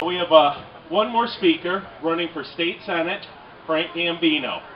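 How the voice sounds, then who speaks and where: A man acting as emcee at an outdoor rally, introducing the next speaker in a halting way with many fillers. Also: fairly high pitch, slight background noise. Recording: distant, dull lo-fi outdoor recording.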